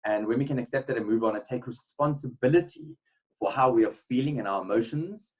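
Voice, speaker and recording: A man's voice: mid-range voice, brisk, darkish tone, low-quality recording. A man gives a motivational webinar talk built on a personal story. He speaks earnestly, with frequent ums and repeated words. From South Africa. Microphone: webinar mic.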